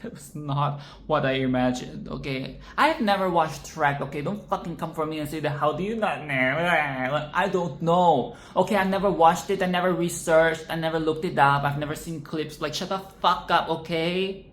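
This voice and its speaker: A woman's voice: low-pitched, moderate pace, roomy sound. A woman vlogger reacting to a film in casual, crude and rambling commentary, with bursts of mock outrage.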